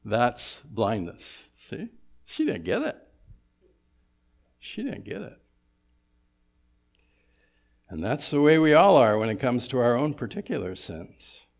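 A man's voice: medium pitch, wildly swooping pitch, unhurried, creaky. A man preaching a sermon in a church, conversational and sprinkled with humorous asides. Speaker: pastor.

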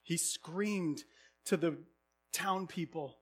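High-voiced man telling a sermon story. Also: slow pace, soft background music. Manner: dramatic, expressive retelling. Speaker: preacher.

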